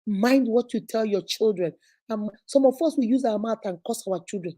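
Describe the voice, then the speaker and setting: A woman's voice: a little high, normal speed, mellow. A middle-aged woman hosting a live relationship advice talk, emphatic and preachy, acting out little scenes as she speaks to viewers.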